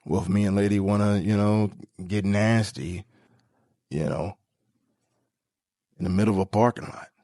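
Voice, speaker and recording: A man hosting a podcast, joking through a comedic monologue with sudden leaps into high squeaky tones. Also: fairly even intonation, moderate pace, long pauses, mellow, dry recording, studio quality. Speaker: podcast host.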